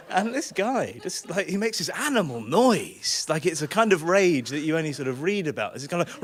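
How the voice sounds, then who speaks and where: A man's voice: sits high, sing-song, a little fast, fairly bright tone. A man telling a comic personal story on a small theatre stage, self-deprecating and laughing through his lines.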